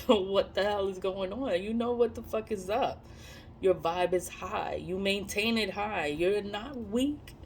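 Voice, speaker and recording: A young woman speaking in a loose monologue to her viewers, blunt and sprinkled with swearing and quick laughs. Her pitch sits at an ordinary middle for a woman. A faint hum of room noise stays behind her voice. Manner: blunt, profane and laughing often. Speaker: vlogger. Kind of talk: casual monologue to camera.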